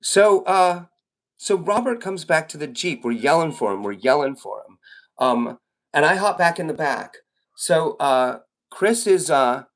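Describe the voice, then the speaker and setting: A man's voice: a little high, lively intonation, a little slow. A man live-streaming, telling a long rambling story to his chat, with lots of fillers and swearing. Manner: rambling, profane, with many fillers and restarts.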